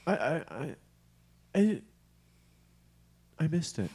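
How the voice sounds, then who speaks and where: Swearing, self-mocking man with lively pitch. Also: measured pace. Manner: self-mocking, swears freely, laughs often. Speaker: podcast host. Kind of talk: casual comedic podcast banter. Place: podcast studio.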